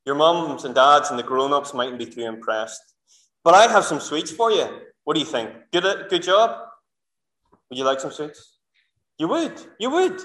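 A man delivers a sermon, earnest and fond of rhetorical questions. His voice sits slightly higher than most men's. The church around him is echoey. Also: animated, normal speed, a bit bright. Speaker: preacher.

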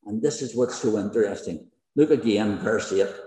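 With a fairly low, dark voice at a moderate pace, the pastor preaches emphatically to his congregation, asking rhetorical questions and repeating phrases. The recording comes from a big church hall with a long, echoey reverb.

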